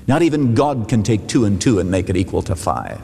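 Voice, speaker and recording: A middle-aged man, a pastor, preaching a sermon with emphatic rises and falls in pitch. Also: expressive, brisk, creaky, dark tone, breathy edge. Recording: long hall reverb.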